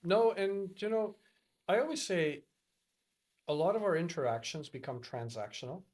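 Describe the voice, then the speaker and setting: Middle-aged male podcast guest, higher voice, animated storyteller who acts out the quoted dialogue. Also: normal speed. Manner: lively, acts out dialogue in a raised voice. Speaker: podcast guest, educator and networker.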